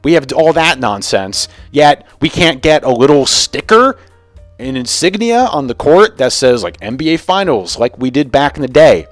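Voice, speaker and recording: Animated young man ranting about basketball. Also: mid-range voice, normal speed, dry recording, faint music behind. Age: young adult. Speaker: sports video host. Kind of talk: casual sports commentary vlog.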